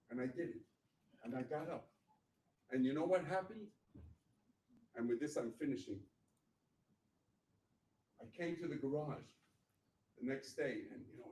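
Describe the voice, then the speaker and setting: Speaking as a guest at a meetup in an event venue, a man in his sixties shares a blunt, profane, motivational story from his life. His voice is a little high and very animated, at normal speed with frequent pauses, captured by a faraway, echoey room mic with faint noise.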